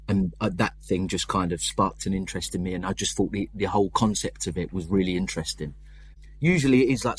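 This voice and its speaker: A man's voice: sits low, husky. A young man with a London accent, chatting in an interview about his band's songwriting in a rambling, self-deprecating way. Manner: rambling, self-deprecating, quick talker with restarts. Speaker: punk band vocalist and lyricist. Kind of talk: casual interview chat.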